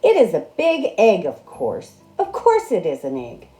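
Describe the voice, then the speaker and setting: A woman's voice: on the low side, huge pitch swings, measured pace, dark tone, soft background music. A woman voicing a fussy, bossy male duck in a storybook read-aloud, huffy and boastful.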